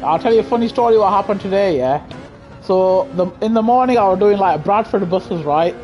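A man with a notably high voice commentates a racing game live. He chats to his viewers in loose banter and bursts into excited yelling at the race. Soft music plays faintly in the background. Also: brisk, lo-fi sound. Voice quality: high-pitched voice. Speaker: gaming streamer.

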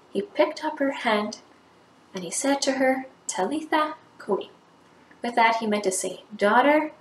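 Woman teacher telling a Bible story. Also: mid-range voice. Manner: storytelling, acts out quoted lines with lifted voice. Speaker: grade 3 teacher. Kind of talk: Bible story lesson for children. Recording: echoey room, faint background noise.

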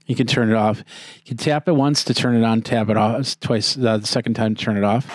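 A man giving a casual product demo, explaining each control step by step in a relaxed, chatty way. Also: mid-range voice, a little fast, crowd noise, background noise. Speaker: tech reviewer.

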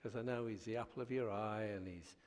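Measured male interviewer, reverberant room. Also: lowish voice, fairly even intonation, darkish tone. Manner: measured, reflective questioning. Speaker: interviewer host. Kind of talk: gentle interview questions. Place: church. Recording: long hall reverb.

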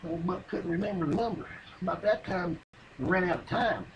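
A man with a drawl rambles through a profane comic story in plain folksy grammar. His voice sits high for a man. The recording carries clear background noise. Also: brisk, rough recording. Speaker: comedian telling a story. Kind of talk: stand-up comedy monologue.

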